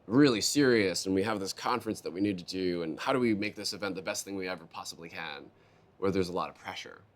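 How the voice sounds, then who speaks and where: A keynote speaker with a low voice talks quickly in a conversational interview at a live event booth. Animated, he tells stories and acts out quotes by raising his voice.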